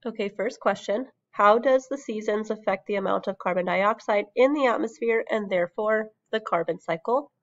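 Woman teacher with a sick voice, recorded lesson, steady explaining, dry, slightly dull sound. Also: mid-range voice, moderate pace, hardly any pauses, dry recording. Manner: steady explaining with frequent ums. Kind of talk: recorded lesson over slides.

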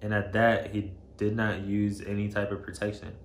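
A man telling a personal story to camera, shaken and emotional, halting and hesitant with many fillers. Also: on the low side, little pitch movement. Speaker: vlogger. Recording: roomy echo, faint background noise.

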